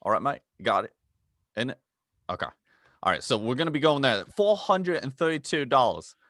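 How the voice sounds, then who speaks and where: A cheery globetrotter, as a podcast host puts him on, calls everyone mate and chatters about flights. He sits well above the host's own low voice and comes across louder and bright. The sound is dry and close. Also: big pitch swings, brisk, no room sound. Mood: chummy. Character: cheery globetrotting male travel guide.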